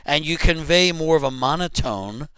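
Lively, clear-voiced male trainer. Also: fairly high pitch, normal speed, dry recording, low-quality recording. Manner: lively, explanatory, emphatic delivery. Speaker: customer service trainer. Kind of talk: instructional lecture.

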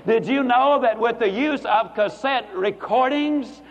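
A man giving a folksy, joking motivational speech to a live audience, slowing down for emphatic punchlines. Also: very high voice. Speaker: motivational speaker. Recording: dull lo-fi recording, long hall reverb.

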